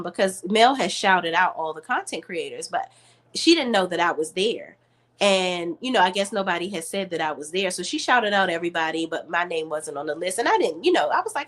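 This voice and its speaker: A woman's voice: on the low side, a little fast. A woman hosting her online show, telling viewers a story in a chatty, slangy way. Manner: animated, slangy, addresses viewers as y'all.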